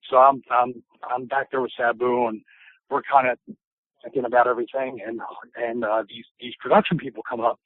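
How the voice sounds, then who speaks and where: A former wrestler, a man, telling lively anecdotes as an interview guest, acting out voices and laughing often. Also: medium pitch, fairly quick, no room sound. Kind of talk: casual storytelling. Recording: tinny phone line.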